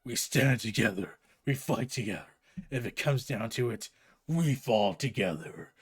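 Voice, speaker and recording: A man voicing a gruff, brooding male vigilante in a low gravelly deadpan. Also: unhurried. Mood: grim.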